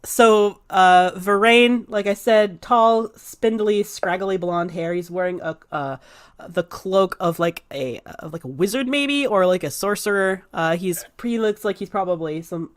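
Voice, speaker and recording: A woman game master narrating a tabletop game. She rambles, fills pauses with um and uh, and swears casually as she describes the scene. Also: mid-range voice.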